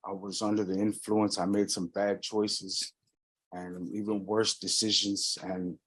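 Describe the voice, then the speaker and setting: A man speaking as a defendant in a courtroom, talking quietly and hesitantly, almost whispering, with repeated restarts. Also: lowish voice, little pitch movement, unhurried, breathy edge, poor audio. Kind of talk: courtroom statement of remorse.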